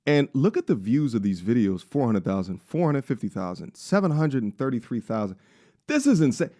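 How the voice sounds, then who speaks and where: A man's voice: mid-range voice, sing-song, a little fast, mellow, dry recording. Blunt, incredulous man on a close dry mic. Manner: blunt, incredulous, talks straight to viewers. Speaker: commentary channel host. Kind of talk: casual commentary and ad read.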